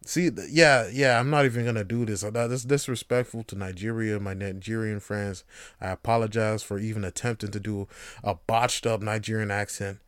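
A man's voice: fairly low pitch, steady tone, fairly quick, smooth, no echo, studio quality. A man hosting a casual solo podcast monologue, joking, swearing and laughing often. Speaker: podcast host.

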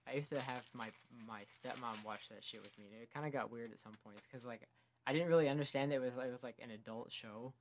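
A man's voice: mid-range voice, a little hiss or hum. A young man co-hosting a podcast in casual chat, talking in stumbling restarts. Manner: quick, stumbling, stutters on restarts. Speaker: podcast co-host.

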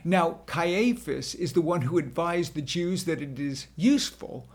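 A man narrating a dramatic first-person scripture reading in a slow, earnest storytelling manner. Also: a little high, expressive.

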